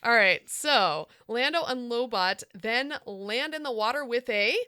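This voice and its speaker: A woman with a high, bright voice hosts a casual podcast. She is excitable and giggly, and her pitch leaps about as she laughs through the conversation. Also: unhurried, smooth. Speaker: podcast host.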